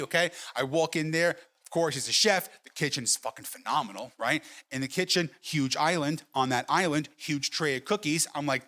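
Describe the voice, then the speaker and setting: Brash, bright-voiced stand-up comedian man. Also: a little high, a little fast. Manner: brash, profane storytelling with frequent "right?" asides. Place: comedy club stage with live audience.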